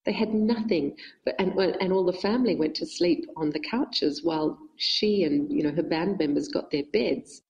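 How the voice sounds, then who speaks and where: A woman guest telling travel stories in a casual chat, animated and quick to laugh. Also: deep voice, low-quality recording.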